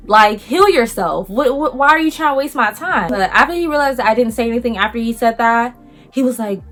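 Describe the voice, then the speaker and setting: A woman vlogger telling a casual story in a lively way, acting out what other people said and using a lot of slang. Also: a little high, brisk, soft background music.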